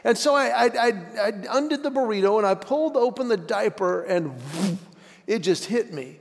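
A stand-up comedian in his forties spins family stories and jumps into character for the dialogue. His voice sits high for a man. It rings out into a big reverberant auditorium with a long decay. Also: moderate pace, creaky. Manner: animated, acts out dialogue with voice shifts. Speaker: guest speaker, stand-up comedian. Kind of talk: stand-up storytelling. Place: church auditorium.

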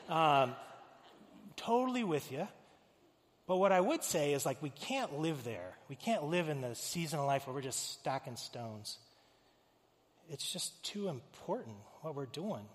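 Pastor guy preaching, lively storyteller doing little voices, kinda high voice, big echoey church hall. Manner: animated storyteller acting out voices. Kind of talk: sermon. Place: church auditorium.

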